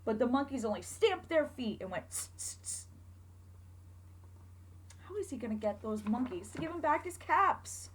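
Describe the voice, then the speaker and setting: A woman teacher reading a picture book aloud to children, expressive and asking them questions along the way. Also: high-pitched, a little fast, hardly any pauses, a little hiss or hum, poor audio.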